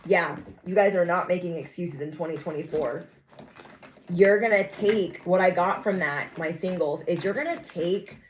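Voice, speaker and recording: A woman's voice: fairly low pitch, normal speed, rough recording. A young adult woman giving a casual, sassy spoken reading to her viewers, often acting out the people she describes. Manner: chatty, sassy, acts out quoted voices. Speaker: tarot reader.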